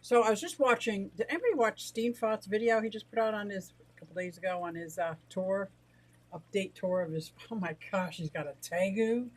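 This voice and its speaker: A middle-aged woman from the United States, out of breath and excitable, chatting casually on a livestream about her fish and greeting viewers. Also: mid-range voice, brisk, poor audio. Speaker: aquarium and exotic pet livestreamer.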